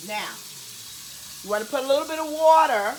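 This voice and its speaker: A woman's voice: high voice, fairly quick, echoey room, slight background noise. A woman vlogger cooking in her home kitchen, chatting playfully to viewers with laughing asides. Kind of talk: casual cooking demonstration.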